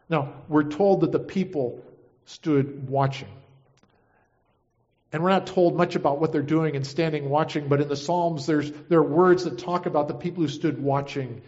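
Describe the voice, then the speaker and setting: A man's voice: on the high side, a little mellow, dull audio. A man preaching a sermon, retelling scripture and acting out the quoted voices with feeling. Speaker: pastor.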